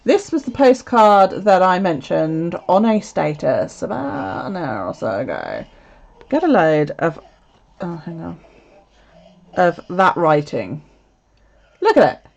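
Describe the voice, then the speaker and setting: A woman's voice: on the low side, big pitch swings, slow, gravelly, long pauses, a little mellow. Chatty, swearing woman vlogger. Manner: chatty, swears freely, lots of laughter. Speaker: video creator. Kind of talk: casual live chat to viewers. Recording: dull lo-fi sound.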